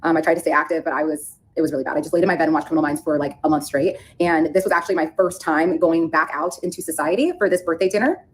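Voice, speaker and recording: A woman telling a personal story in a fast, animated, chatty way. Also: deep voice, slight background noise, poor audio.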